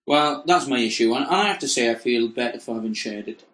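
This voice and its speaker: A man's voice: medium pitch, lively intonation, a bit bright. Guy rambling on a chatty podcast, lots of restarts, echoey room. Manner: rambling, halting, self-correcting. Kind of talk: casual comedic chat. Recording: roomy echo.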